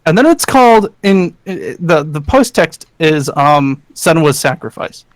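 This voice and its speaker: A man co-hosting a casual gaming podcast, animated and repeating himself. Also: on the high side, unhurried, no room sound, low-quality recording.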